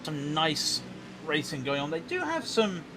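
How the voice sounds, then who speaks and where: A man commentating on a sim racing stream, chatty and excitable with quick asides. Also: on the high side, background noise. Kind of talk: live race commentary chat.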